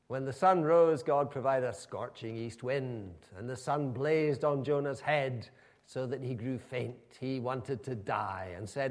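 A man's voice: mid-range voice, moderate pace. A man preaching a sermon in a conversational, emphatic storytelling manner.

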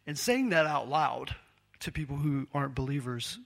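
Gravelly conversational male preacher. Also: on the high side, lively intonation, moderate pace, fairly bright tone. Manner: conversational, self-deprecating, laughs often. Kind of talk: sermon.

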